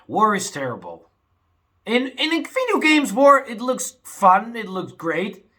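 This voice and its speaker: Young man ranting, high and lively. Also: slow pace. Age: young adult. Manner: emotional, swings between angry outbursts and low sad mutters; repeats filler "you know" and "man". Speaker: vlogger. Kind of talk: casual rant to camera.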